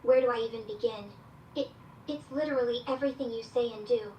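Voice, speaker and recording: A woman's voice: on the high side, a little fast, mellow, a little hiss or hum, close to an everyday voice. A woman voicing a female AI chatbot companion who reads out her own stage directions before each reply. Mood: exasperated. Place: played through a speaker in a room, picked up by a security camera. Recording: echoey speaker audio caught from far off.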